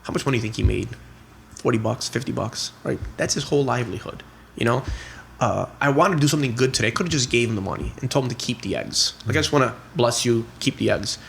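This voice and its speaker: A man's voice: mid-range voice, lively intonation, fast talker, creaky, a bit bright, slight background noise. A man in his forties, a guest on a podcast, telling stories in a rambling, casual way with many fillers and restarts. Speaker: guest, real estate investor. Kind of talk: casual interview storytelling.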